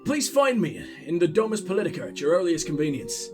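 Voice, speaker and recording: A man's voice: sits high, big pitch swings, a little fast, music in the background, pitched below the performer's own voice. A man reading as a formal gnome scrivener. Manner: formal, polite letter reading.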